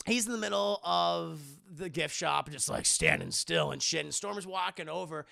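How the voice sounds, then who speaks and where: Animated, gravelly high-voiced male streamer. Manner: animated and profane, quickly acting out characters' lines. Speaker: streamer and film reviewer. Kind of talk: casual scene-by-scene movie recap to live chat.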